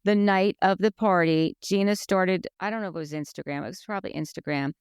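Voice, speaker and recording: Chatty woman with a smooth voice. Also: fairly low pitch, brisk, dry recording, clean studio sound. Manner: chatty, retells scenes by quoting others in lively voices. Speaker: podcast co-host. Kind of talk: casual chat recapping a reality show.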